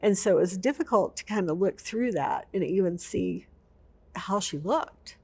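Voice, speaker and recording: A woman's voice: medium pitch, expressive, moderate pace, gravelly, warm tone, breathy edge. A woman veteran telling an emotional personal story in an interview, vividly and with repetition. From United States.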